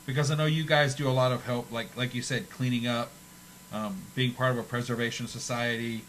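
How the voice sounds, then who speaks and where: A man's voice: medium pitch, fairly even intonation, fairly quick, fairly bright tone, slight background noise, low-quality recording. A man hosting a casual chat, asking long, rambling questions. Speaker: host.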